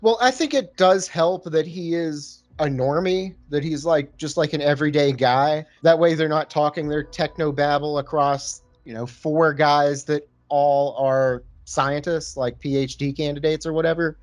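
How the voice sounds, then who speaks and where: A man's voice: a little high, steady tone, moderate pace, few pauses. A man co-hosting a podcast, chatting casually about a movie over beer and laughing at his own jokes. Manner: jokey, laughs at own lines. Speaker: podcast co-host.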